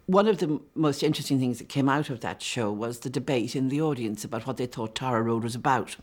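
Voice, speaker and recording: A woman's voice: extremely low pitch, fast. Chatty woman novelist in her sixties. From Ireland. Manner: warm, chatty, lively with frequent repeated words. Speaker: novelist being interviewed. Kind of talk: chatty interview answers.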